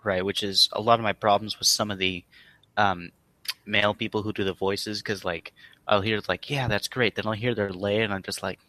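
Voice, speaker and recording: A young man co-hosting a casual podcast, chatting in a relaxed way with lots of fillers. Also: on the low side, moderate pace, dry recording. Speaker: podcast co-host.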